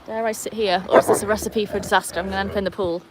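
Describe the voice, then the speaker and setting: A woman's voice: medium pitch, steady tone, rapid-fire, heavy background noise. A woman hosting a casual live stream for her dog channel, rambling along with lots of fillers. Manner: chatty and rambling, with many fillers. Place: outdoors beside a pool.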